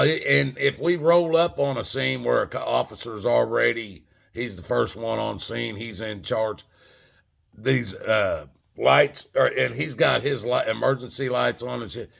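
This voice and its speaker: Older guy, husky scratchy voice, rambling casual story, cussing and chatting to the folks watching. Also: mid-range voice, a little slow, fairly bright tone. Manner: loose, profane, talks straight to viewers as "folks". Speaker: vlogger telling a story.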